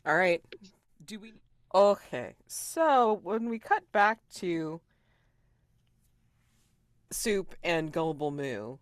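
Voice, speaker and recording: A woman running a tabletop game as game master, animated and quick to laugh, with many fillers. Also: fairly low pitch, dry recording, studio quality.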